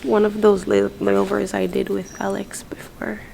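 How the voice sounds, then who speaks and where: A woman's voice: medium pitch, monotone, normal speed, vocal fry, warm tone, slight background noise, rough recording. A woman from Jamaica talking casually to her camera in an airport terminal, chatty and full of fillers. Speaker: vlogger.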